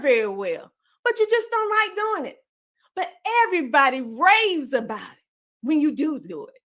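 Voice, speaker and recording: A woman with a Southern country twang delivers a motivational speech to her audience. Her voice sits high. She talks with repetitive, preacher-like emphasis. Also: a bit bright. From Southern United States. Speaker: podcaster and coach.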